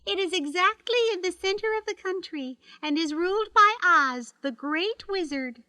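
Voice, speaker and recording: A woman's voice: very high voice, lively intonation, moderate pace, pushed and bright, no echo, voice pushed up, exaggerated voice. A woman doing a kindly, stately good witch. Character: kindly old good witch, gentle and wise.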